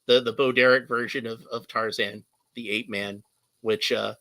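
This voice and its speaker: A man chatting casually, rambling and laughing a lot between thoughts. His voice is very bright and a little tense. It sounds dry and close, with almost no room echo. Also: mid-range voice, fairly even intonation, moderate pace. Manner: rambling, laughs often, many fillers and restarts. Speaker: guest, artist and toy collector. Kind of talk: casual chat.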